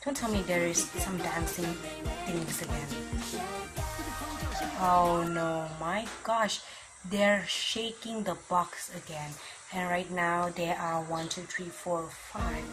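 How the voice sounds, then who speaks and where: A woman's voice: on the low side, steady tone, takes it slowly, over music, rough recording. A woman hosting a reaction video, chatting in a bemused way and talking straight to her viewers. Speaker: reaction channel host. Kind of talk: casual reaction commentary. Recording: clear background noise.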